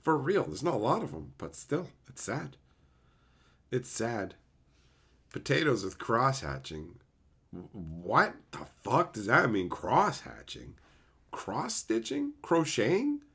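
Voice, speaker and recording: A man's voice: mid-range voice, wildly swooping pitch, takes it slowly, a bit bright, slightly rough. A man from Canada chatting casually on a livestream, swearing freely and laughing often as he answers his chat. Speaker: streamer reading chat.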